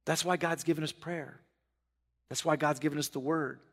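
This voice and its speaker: A middle-aged male pastor preaching with a high, ringing voice. He moves from hushed, reflective passages to loud, animated bursts as he reads scripture and drives his points home. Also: normal speed. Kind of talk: sermon.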